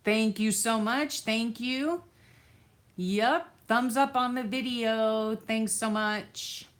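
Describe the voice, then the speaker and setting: A woman's voice: fairly high pitch, slow pace. A woman hosting a casual craft live stream, chatting loosely with lots of fillers while she thanks viewers by name and answers their comments, sometimes drifting away from the mic. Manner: many fillers and restarts, easily distracted. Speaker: crafting livestream host.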